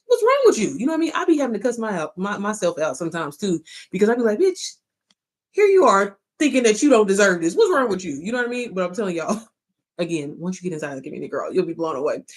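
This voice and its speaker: A woman chatting casually on a livestream to her followers, playful and sassy, swearing freely and calling them sis and baby. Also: mid-range voice. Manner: calls listeners sis and baby. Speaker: online business coach.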